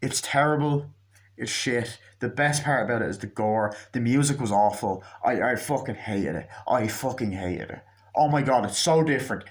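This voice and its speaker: A man's voice: mid-range voice, normal speed. A man giving a casual spoken movie review, ranting bluntly with lots of swearing and restarts.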